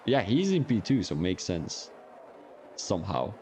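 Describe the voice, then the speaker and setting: Young male streamer, casual race commentator bantering with chat, lower voice, faint background noise. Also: big pitch swings, a little slow, dark tone. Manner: casual, joking, chats with viewers while commentating. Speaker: sim racing stream commentator.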